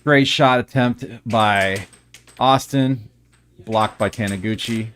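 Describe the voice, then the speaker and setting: A man's voice: lowish voice, takes it slowly, fairly bright tone, a little hiss or hum. A man doing live play-by-play commentary on an air hockey match in a joking, playful manner.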